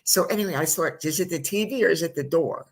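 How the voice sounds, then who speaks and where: A woman's voice: sits low, quick pace, slightly rough. A middle-aged woman hosting a live-streamed talk show, telling long rambling stories in a chatty way. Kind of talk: casual chat. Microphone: streamed studio mic.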